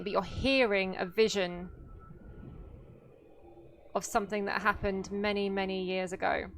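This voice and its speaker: Slow-paced woman narrating a tabletop game. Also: mid-range voice, slight background noise. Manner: slow, drawn-out storytelling. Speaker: dungeon master.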